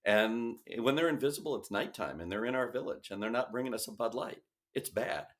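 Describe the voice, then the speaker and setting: A middle-aged man in a conversational interview, telling stories and acting out quoted dialogue with big jumps in his voice. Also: a little fast. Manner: animated storyteller, acts out quoted dialogue with big pitch jumps. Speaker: sales company founder, guest.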